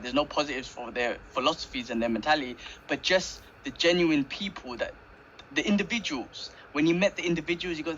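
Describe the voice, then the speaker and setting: Male podcast co-host, slightly high voice, enthusiastic and rambling, slangy, a bit dull lo-fi audio. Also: fairly bright tone, slight background noise. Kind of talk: casual podcast chat.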